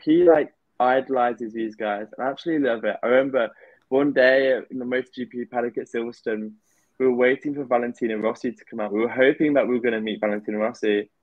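Relaxed man, dull dry sound. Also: medium pitch, quick pace, no room sound. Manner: relaxed, rambling, many "you know" fillers. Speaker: guest. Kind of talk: casual interview chat.

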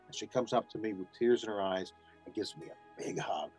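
Animated male storyteller, acting out quotes. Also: fairly low pitch, a little fast, husky, no room sound, soft background music. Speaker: voice actor guest. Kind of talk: casual interview storytelling.

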